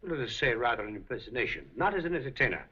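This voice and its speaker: An actor playing a suave, scheming café proprietor in a 1930s film, speaking in an urbane, deliberate way. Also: male voice, medium pitch, big pitch swings, pushed and bright, breathy edge, heavily acted. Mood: sly. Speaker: café owner. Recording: dull 1930s film soundtrack.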